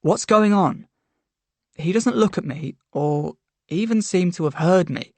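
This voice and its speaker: A woman narrating a first-person story aloud in a quiet, subdued way. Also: on the low side, expressive, moderate pace, no room sound. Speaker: story reader.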